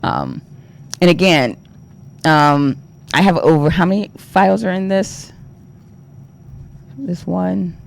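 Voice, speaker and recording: A man's voice: high-pitched, lively intonation, takes it slowly, gravelly, long pauses. A young adult man talking on a livestream, exasperated and rambling, full of fillers and swearing. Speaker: streamer. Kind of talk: ranting livestream talk.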